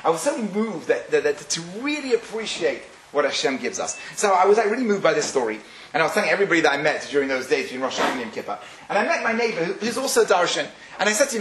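Male speaker, animated storyteller, slightly high voice, roomy recording with faint hiss. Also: very fast. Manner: animated storyteller, many fillers. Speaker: speaker giving a religious talk. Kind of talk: storytelling religious talk.

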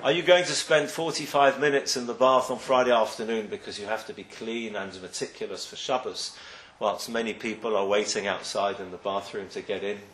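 This rabbi's sermon comes in a fairly low, bright voice, fairly quick and with hardly any pauses, his intonation fairly even. He tells stories and acts out quoted people with plenty of rising and falling emphasis. The room is echoey.

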